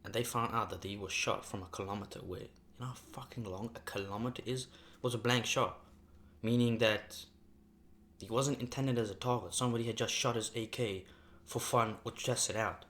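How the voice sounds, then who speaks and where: A man's voice: lowish voice, steady tone, brisk, a bit bright. A young man talking casually in a rambling mukbang vlog, swearing freely, recorded in a sparsely furnished room at home that he says echoes. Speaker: mukbang vlogger.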